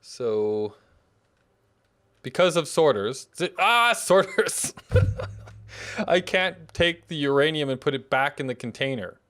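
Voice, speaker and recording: A man's voice: medium pitch, animated, slow pace, pauses often, fairly bright tone, clean tone. Man thinking aloud over a game. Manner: rambling, thinks aloud while managing game systems. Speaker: gameplay host. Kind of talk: casual multiplayer gameplay chat.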